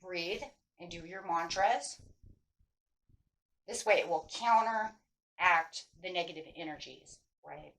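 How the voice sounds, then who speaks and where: A woman tarot reader with a lowish, fairly bright voice gives casual spiritual advice slowly, leaving long pauses, over a rough recording. She is earnest and emphatic, repeats key phrases, and keeps asking her listeners "right?"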